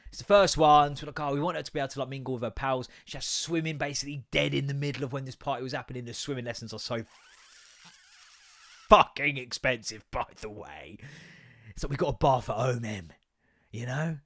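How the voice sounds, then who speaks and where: A man's voice: medium pitch, a little fast. A man hosting a podcast, telling a story in a casual, sweary rant. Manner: animated, sweary, mimics voices in anecdotes. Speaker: podcast host.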